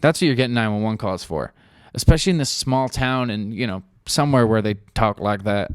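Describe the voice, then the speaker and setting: A man's voice: fairly low pitch, fairly quick, clean tone, no room sound. A man hosting a podcast, rambling casually in a studio, swearing freely and leaning on fillers. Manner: rambling, profane, full of fillers. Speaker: podcast host.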